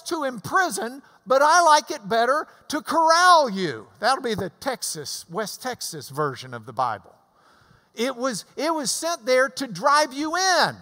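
An older man in his sixties preaches in an unhurried way, his pitch swooping up and down as he stresses a point. He explains Greek words with homespun asides, and his voice rings out with a long hall reverb. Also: sharp tone. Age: 60s. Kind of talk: sermon, verse-by-verse Bible teaching.

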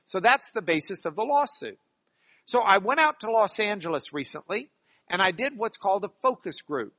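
Bright, high-voiced man teaching a class. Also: very animated, moderate pace, dry recording. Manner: folksy, emphatic, joking asides. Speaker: teacher and trial lawyer.

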